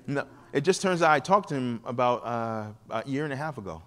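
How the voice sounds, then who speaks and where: A man preaching as a guest, telling stories from the pulpit and acting out the voices of the people in them. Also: a little fast. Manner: animated, acts out quoted people with shifting pitch. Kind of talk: sermon storytelling.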